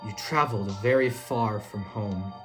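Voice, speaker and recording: A woman's voice: a bass voice, measured pace, over music. A woman playing through a video game, reading the text aloud and reacting. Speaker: game streamer.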